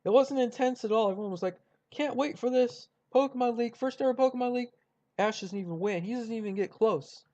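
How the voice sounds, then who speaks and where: A man's voice: high-pitched, darkish tone, dull audio. A young man casually chatting through a ranked list, rambling with many fillers and restarts. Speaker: YouTuber ranking cartoon rivals. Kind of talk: casual commentary.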